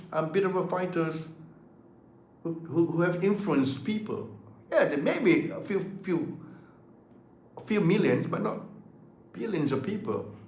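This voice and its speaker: An older man in his seventies speaks as a martial arts teacher, pressing his points with repeated words and rhetorical questions. His voice sits fairly high for a man. The room around him rings with noticeable echo. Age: 70s. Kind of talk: passionate talk to camera.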